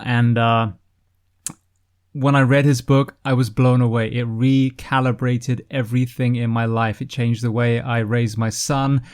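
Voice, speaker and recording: A man's voice: mid-range voice, darkish tone. A man hosting a podcast, speaking earnestly and emphatically, with frequent fillers, as he introduces his guest and starts the interview. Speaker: podcast host.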